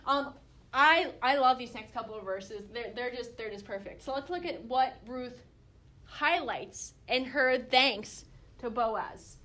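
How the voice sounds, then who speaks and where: A young woman with a slightly high voice leads a relaxed Bible study. She talks in a chatty, animated way, full of fillers and restarts, and acts out the quotes as she goes. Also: unhurried. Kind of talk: casual Bible study teaching.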